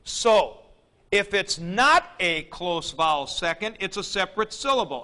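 Unhurried male lecturer explaining Greek, bright edge to the voice. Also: sits high, sing-song. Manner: deliberate, dry joking asides. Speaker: Greek teacher. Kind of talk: classroom lecture.

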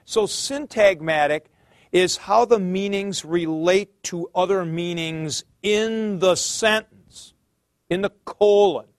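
A slow, high-voiced man gives a classroom lecture, explaining with patience and calling on students by name. Thinking as he speaks, he uses fillers and starts over often. The recording is dry and clean, like a studio.

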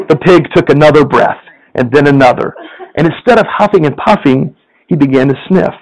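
High-pitched preacher guy, laughs a lot while telling his sermon story. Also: poor audio. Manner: chuckling, animated storyteller. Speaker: campus minister.

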